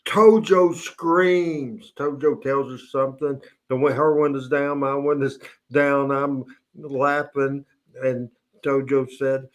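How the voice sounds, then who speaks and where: A man hosting a talk show, telling a long funny anecdote in a casual, animated way. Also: mid-range voice, takes it slowly. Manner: animated anecdote teller, mimics voices. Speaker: host. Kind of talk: casual storytelling.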